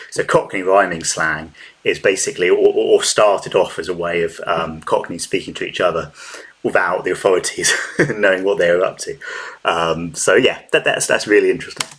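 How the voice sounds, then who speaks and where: A British man gives casual reaction commentary as host. His voice sits fairly low. He restarts his phrases often and hesitates with little fillers. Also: brisk, fairly bright tone.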